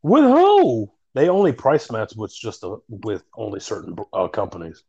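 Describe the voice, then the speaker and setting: Young man, low voice, casual storyteller, quotes everyone, swears, laughs a lot, dry close sound. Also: huge pitch swings, normal speed, vocal fry, a little mellow, slightly rough, dry recording, dull audio. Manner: retells stories with lots of reported dialogue, swears, laughs often. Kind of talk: casual chat.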